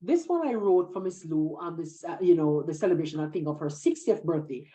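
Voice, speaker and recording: A woman's voice: deep voice, animated, fairly quick, mellow. A woman with a Jamaican accent, a poet being interviewed, who talks animatedly, often says "indeed", and recites verse in patois. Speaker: guest poet.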